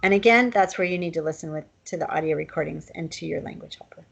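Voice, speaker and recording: A woman teaching a language lesson, explaining pronunciation and sounding out words slowly. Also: deep voice, gravelly, fairly bright tone, breathy edge, low-quality recording.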